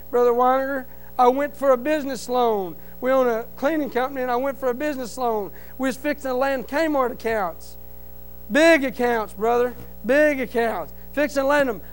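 High-voiced man preaching fervently. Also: clear, resonant tone, low-quality recording. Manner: impassioned, pleading, builds to shouting. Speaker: church member giving testimony. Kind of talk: preaching testimony.

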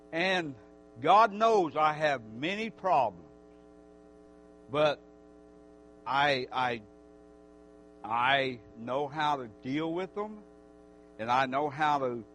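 A man giving an emotional sermon testimony, speaking heartfelt and repetitive, swinging between loud calls and hushed confessions. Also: a little high, a little hiss or hum. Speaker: preacher.

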